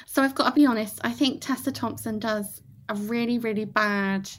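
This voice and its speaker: A woman's voice: on the high side, moderate pace, slight background noise. A woman co-hosting a casual chat about a movie, talking freely, laughing often and trailing off mid-sentence. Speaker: podcast co-host.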